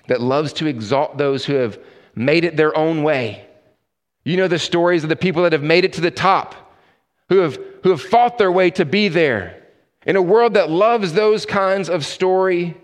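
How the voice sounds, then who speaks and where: A man's voice: on the high side, in a large hall. A man preaching a sermon as a pastor, shifting into storytelling and acting out the people in his stories.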